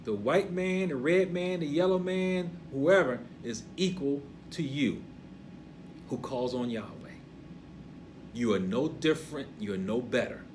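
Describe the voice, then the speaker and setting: An older man with a gray beard teaching a Torah portion, emphatic and preachy, dropping to a hush and then rising loud. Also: mid-range voice, expressive, unhurried, a little hiss or hum.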